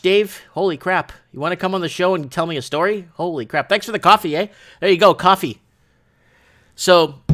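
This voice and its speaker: A man hosting a casual livestream from his shop, rambling and excitable, often restarting and asking "right?". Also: a little high. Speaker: livestream show host.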